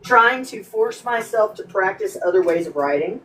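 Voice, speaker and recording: A woman hosting a casual livestream, greeting commenters by name and swearing freely, her voice slightly hoarse. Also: medium pitch, animated, moderate pace, fairly bright tone, a little hiss or hum. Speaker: livestream host. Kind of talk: casual livestream chat and reading her own poems.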